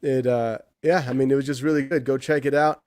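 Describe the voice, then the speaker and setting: A man's voice: medium pitch, steady tone, fairly quick, darkish tone. A man co-hosting a casual movie review podcast, rambling with restarts and fillers. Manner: rambling, many restarts and "you know". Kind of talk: casual chat.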